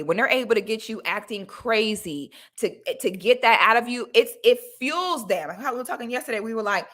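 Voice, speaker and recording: A woman's voice: mid-range voice, bright, forceful tone. A woman vlogger giving blunt, preachy advice straight to her viewers. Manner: blunt, preachy, addresses audience directly. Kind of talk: casual advice talk to viewers.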